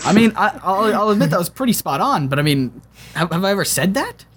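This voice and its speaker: A young man hosting a casual podcast, teasing his guest with quick banter. His voice sits a little high for a man. He trips over his words and restarts them often, keeping a loose, joking tone. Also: sing-song, fairly bright tone, husky. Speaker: podcast host.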